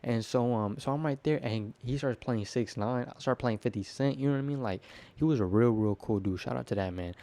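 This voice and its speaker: A teenage boy spills his story straight to the camera at a quick clip, full of slang and swearing. His voice is warm and dark. He keeps it loose and animated, jumping from point to point. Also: medium pitch. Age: teens. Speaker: teen vlogger. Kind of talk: casual rambling monologue to camera.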